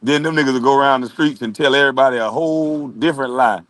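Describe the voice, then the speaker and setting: A man's voice: medium pitch, fast, hardly any pauses, fairly bright tone, no room sound. A man on a live stream, ranting casually with lots of cursing, laughing and mocking impressions of other people. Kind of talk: profane ranting monologue.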